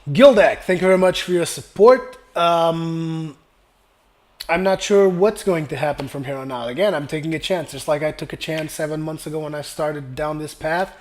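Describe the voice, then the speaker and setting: A young man hosting a gaming channel reads viewer comments aloud and answers them in a casual, rambling way, his voice wearing out from a dry throat. He speaks at normal speed in a slightly high voice.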